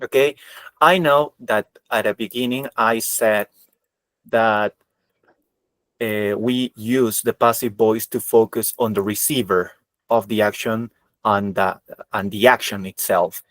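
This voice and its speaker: A man's voice: lowish voice, steady tone, a little slow, a bit bright, dry recording. Male English teacher, dry sound. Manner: switches between Spanish explanation and English examples, repeats key points. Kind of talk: online class lecture.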